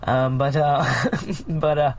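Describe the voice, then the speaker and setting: A man's voice: fairly high pitch, flat delivery, slow pace, darkish tone. A man co-hosting a podcast in casual news-chat style, rambling and joking, with plenty of swearing. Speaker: podcast co-host.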